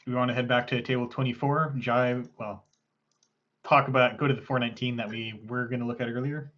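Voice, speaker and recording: Measured man, dull audio with clicking. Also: mid-range voice, fairly even intonation, a bit bright. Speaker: commentator. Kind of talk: live game commentary.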